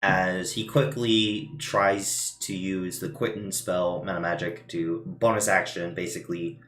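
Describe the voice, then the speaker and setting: A man runs a tabletop game, narrating in a slow, unhurried way with plenty of pauses. His voice sits fairly low and carries a roomy echo, with faint noise in the background. He drops in little sound effects as he tells the scene. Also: fairly even intonation, fairly bright tone, soft background music. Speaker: game master.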